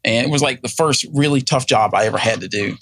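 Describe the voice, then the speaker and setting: A gravelly-voiced middle-aged man rambles through a personal story, full of fillers and restarts. He slips into the voices of the people he quotes. The sound is close and dry, with no room around it. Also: medium pitch, fast talker, fairly bright tone, no room sound. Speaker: guest telling his story. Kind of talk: casual storytelling.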